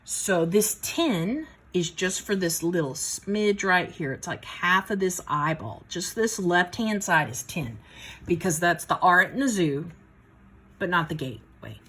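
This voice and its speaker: A woman with a low-leaning, husky, slightly bright voice teaches math casually and folksily, talking herself through each step of a problem. She speaks a little slowly with lively intonation and sounds a little out of breath during this worked-problem lesson.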